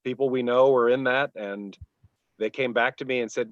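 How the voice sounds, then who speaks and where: A man's voice: medium pitch, steady tone, moderate pace, no room sound. Man, actor and narrator, podcast chat, muffled dry recording. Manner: self-deprecating, chuckling storyteller. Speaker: audiobook narrator and actor, co-host. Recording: dull dry sound.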